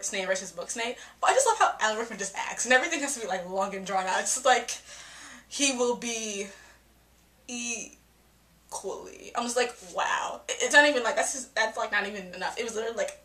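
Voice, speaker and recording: A young woman giving a casual, profane movie reaction vlog, excitable and acting out her reactions. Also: mid-range voice. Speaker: film reviewer. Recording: echoey room.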